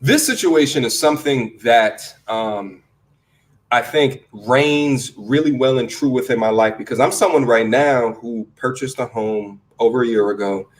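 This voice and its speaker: A man's voice: mid-range voice, measured pace. A man co-hosting a casual online talk show, arguing his side plainly and swearing now and then. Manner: loud and fired up when riled, casual with cursing. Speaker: podcast co-host. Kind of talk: casual debate chat on a video call.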